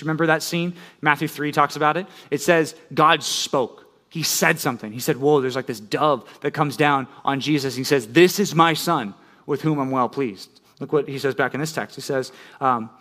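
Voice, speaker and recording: A man's voice: a little high, pushed and bright. A middle-aged pastor, a man, explaining scripture in a sermon, conversational and explanatory, often checking in with listeners.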